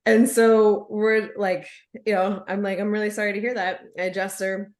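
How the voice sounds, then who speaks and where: A woman chiropractor telling a frank, animated story to colleagues, laughing often. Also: medium pitch, normal speed, roomy sound. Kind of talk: casual storytelling among colleagues.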